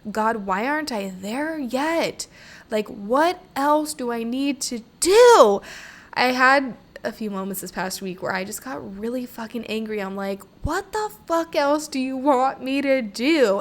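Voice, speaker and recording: A woman's voice: medium pitch, a bit bright. Candid, emphatic young woman podcaster. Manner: emphatic, swears freely, voices her own inner thoughts. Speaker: podcast host. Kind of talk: candid solo podcast monologue.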